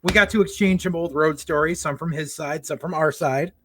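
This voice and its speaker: A man's voice: fairly high pitch, fairly quick, a bit bright. A middle-aged man co-hosting a podcast, telling long rambling stories full of profanity, slipping into voices for the people he quotes. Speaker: podcast co-host. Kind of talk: casual storytelling chat.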